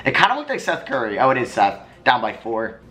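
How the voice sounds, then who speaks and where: A young man giving live commentary while playing a basketball video game, swinging from muttering to excited yelling. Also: medium pitch, a little fast, background noise. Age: young adult. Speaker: gaming commentator.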